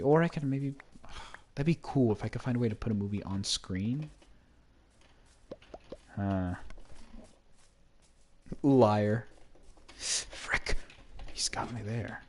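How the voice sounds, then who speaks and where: Animated rambling male game streamer. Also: fairly low pitch. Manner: rambling, jokey, talks to himself. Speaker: streamer playing a block-building game. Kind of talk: casual live-stream chatter.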